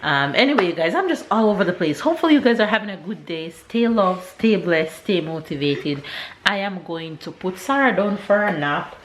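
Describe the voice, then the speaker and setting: A woman's voice: fairly low pitch, expressive, fairly quick, slight background noise. A Jamaican woman in her thirties, chatting casually to camera at home as a family vlogger, a little scattered, with Jamaican English grammar. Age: 30s. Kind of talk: casual vlog chat to camera.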